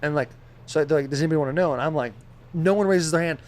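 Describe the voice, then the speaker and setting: A young man in his twenties, co-hosting a podcast, telling a story in a rambling, animated way full of swearing. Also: fairly high pitch, very fast. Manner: rambling, animated, swears a lot, imitates beeps and voices. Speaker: podcast co-host. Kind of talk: casual storytelling.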